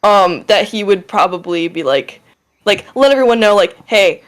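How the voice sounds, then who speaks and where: A woman's voice: mid-range voice, lively intonation, normal speed. A woman playing a tabletop game in casual chat, hedging and leaning heavily on fillers. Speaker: player.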